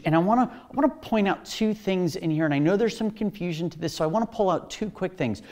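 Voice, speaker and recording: A pastor preaching a sermon in an animated, conversational storytelling way, with casual asides. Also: medium pitch.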